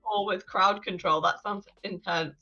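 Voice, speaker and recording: Bubbly northern guest with a bright voice. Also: mid-range voice, fairly even intonation, muffled recording, faint music behind. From northern England. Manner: bubbly, enthusiastic, quick to react. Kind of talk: casual chat.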